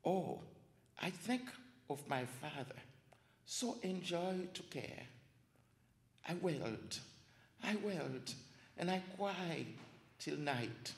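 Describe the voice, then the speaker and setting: A man reciting his poems aloud with slow, earnest pauses at a library reading. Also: fairly high pitch, animated, gravelly. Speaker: poetry reader. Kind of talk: poetry reading. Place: library event room. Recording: echoey hall, reverberant.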